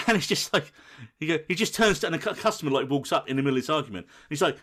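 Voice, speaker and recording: A man co-hosting a film podcast, telling a scene with lively, acted-out quotes. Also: fairly high pitch, fast. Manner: animated storytelling, acts out quoted lines. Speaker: podcast co-host. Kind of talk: casual film chat.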